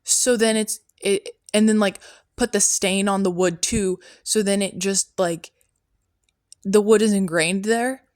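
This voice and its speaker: A woman's voice: medium pitch, steady tone, a little slow, a little mellow, no room sound, clean studio sound. A woman hosting a comedy podcast in character as a prophet, talking in an offhand, rambling way with many tangents.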